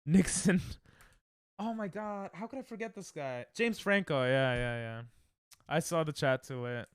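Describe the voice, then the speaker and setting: A young man streaming casually, reacting excitably and thinking aloud while he plays, sounding tired. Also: on the high side, a little slow, smooth, no echo. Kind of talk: casual live-stream chat while playing games.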